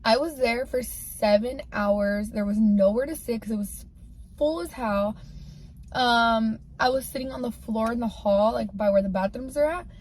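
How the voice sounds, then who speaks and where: Woman, casual storytime, candid and rambling, filler-heavy, slightly high voice. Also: moderate pace, darkish tone. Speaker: storyteller sharing a personal story.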